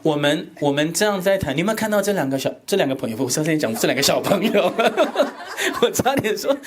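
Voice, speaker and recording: A man from Taiwan giving a teacher workshop lecture, switching between Mandarin and English in an animated, joking way. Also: fairly high pitch, quick pace, crowd noise.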